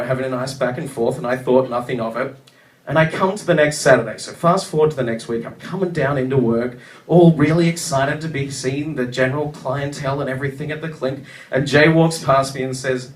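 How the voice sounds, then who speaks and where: A young man from Australia spins a funny live story in a slightly high voice, animated and self-mocking. The room rings around him, and he sounds a little off the mic. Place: live stage show in a venue. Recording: roomy sound from a distance.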